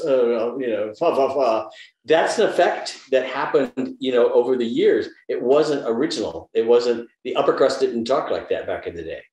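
Uomo sui settant'anni, ospite di un'intervista, racconta aneddoti con vivacità; stanza riverberante. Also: male voice, mid-range voice. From American South. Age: 70s. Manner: animated anecdote teller who acts out quoted voices. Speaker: actor guest. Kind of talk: casual interview storytelling. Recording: roomy echoey room.

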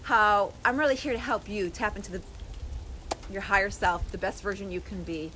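A woman life coach talking outdoors in a casual motivational vlog, warm, emotional and encouraging. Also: medium pitch, fairly even intonation, normal speed, background noise. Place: outdoors in the rain.

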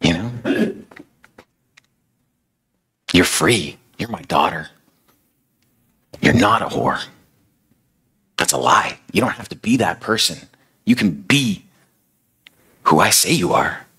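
A man's voice: sits low, animated, takes it slowly, long pauses, pushed and bright, husky, full character voice. A man voicing a loving, overjoyed male savior who speaks tenderly and reassuringly.

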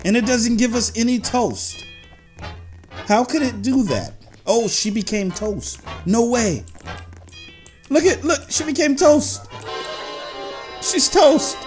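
An excitable young man talks through a game with playful, jokey commentary, breaking into shouts and sung bits. His pace is unhurried and drawn out. Upbeat game music plays clearly underneath him. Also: very high voice. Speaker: gaming YouTuber.

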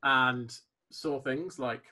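A man's voice: mid-range voice, steady tone, drawn-out words, sharp tone. A man co-hosting a casual gaming podcast, with a posh-sounding, good-humoured manner. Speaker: podcast co-host.

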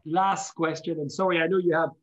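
A man's voice: fairly high pitch, fairly even intonation, a little fast. A man hosting a wine show, interviewing a guest in an encouraging way over a video call. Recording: dull lo-fi video call audio.

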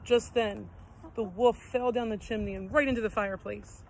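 A woman with a middling pitch reads a children's story aloud at normal speed, gentle and expressive. The audio quality is poor, and faint outdoor noise hums in the background.

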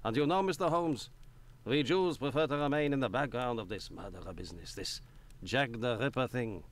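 A man voices a guarded, earnest Jewish man in a Victorian London video game. He speaks at a middle pitch and explains at length, with an earnest, wary tone. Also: animated, fairly quick, lightly acted.

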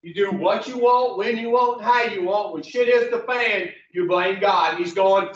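Blunt, slow man preaching to a room. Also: high-pitched, slight background noise. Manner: blunt and preachy, asks the room questions, swears. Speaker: speaker addressing rehab patients. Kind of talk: motivational talk to a group. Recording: echoey, distant, dull lo-fi sound.

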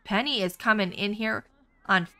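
A woman's voice: mid-range voice, moderate pace, sharp tone. Chatty, jokey woman gamer. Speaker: gaming channel host. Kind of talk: casual let's play commentary.

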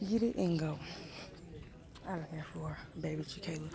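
A woman's voice: on the low side, steady tone, brisk, gravelly, over loud music. A woman, a mother chatting to her viewers in a casual vlog while shopping in stores, calling them y'all. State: out of breath. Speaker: vlogger, mother. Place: stores and mall, indoors.

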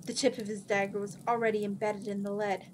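A woman reading a fantasy novel aloud in a steady, unhurried voice. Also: mid-range voice, slight background noise. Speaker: reader.

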